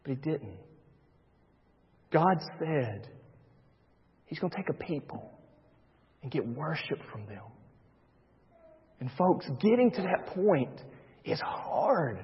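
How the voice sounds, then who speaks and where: A man, a pastor preaching a sermon, swinging between loud and hushed. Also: on the high side, big pitch swings, slow pace, long pauses, husky. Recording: dull recording with long church reverb.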